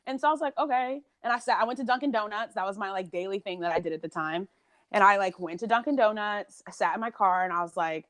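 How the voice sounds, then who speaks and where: A woman co-hosting a podcast in casual chat, animated, laughing often and acting out her own thoughts. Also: medium pitch, fast. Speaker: podcast co-host.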